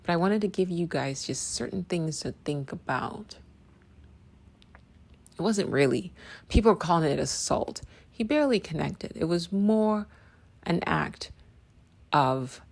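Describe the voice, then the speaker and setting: A woman with a low, gravelly voice delivers an opinion monologue straight to her audience. She is blunt and profane and keeps checking in with a rhetorical "right?". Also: lively intonation, unhurried, long pauses, darkish tone. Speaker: commentator. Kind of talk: direct-to-camera opinion monologue. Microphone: video call.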